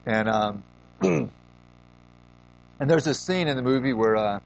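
A man retelling a film scene in a sermon-like talk, rambling with restarts and frequent throat-clearing, on a dull lo-fi recording. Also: medium pitch, lively intonation, slow pace. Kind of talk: sermon-like storytelling.

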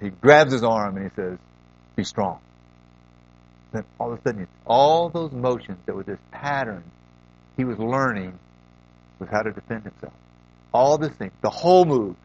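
A man retelling a film scene in a sermon-like talk, rambling with restarts and frequent throat-clearing, on a dull lo-fi recording. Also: mid-range voice. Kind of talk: sermon-like storytelling.

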